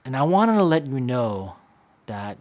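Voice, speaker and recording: A man in his thirties, a pastor, telling a personal confession in an earnest, halting way, often repeating words as he searches for them. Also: medium pitch, sing-song.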